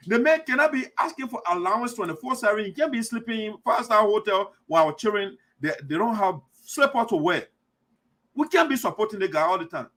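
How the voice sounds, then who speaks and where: A man's voice: high voice, lively intonation, a little fast, sharp tone. A man hosting a heated, preachy commentary show, repeating himself and accusing people. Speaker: community radio commentator.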